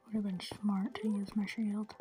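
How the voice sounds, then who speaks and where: A woman giving whispered gameplay commentary, rambling softly to herself as she plays. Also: medium pitch, level tone, normal speed, over music. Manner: soft, half-whispered, rambling self-talk.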